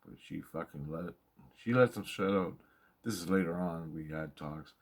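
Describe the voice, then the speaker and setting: A man with a fairly low voice tells a personal story in a casual monologue. He is excitable and profane, and he repeats himself when he wants to stress a point. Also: moderate pace, slightly rough.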